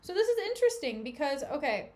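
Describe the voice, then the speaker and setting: A woman's voice: sits high, very animated, quick pace, darkish tone. A woman streaming live, chatting and recapping a play in a slangy, casual way.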